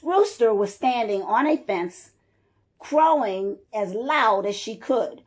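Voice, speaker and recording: Woman storyteller for kids, slow, expressive read-aloud, fairly high voice.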